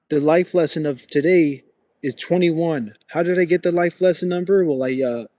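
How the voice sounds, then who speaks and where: A man's voice: on the high side, a little mellow, no echo. Young man on a casual walking livestream. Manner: talks to chat viewers, says bro often; walking with a gimbal. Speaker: livestream host.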